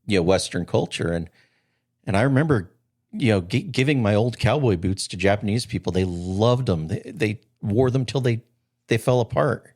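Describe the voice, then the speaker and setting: A man's voice: fairly low pitch, expressive, moderate pace, a little mellow. A man co-hosting a podcast in casual chat, chatty and laughing often as he tells stories. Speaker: podcast co-host.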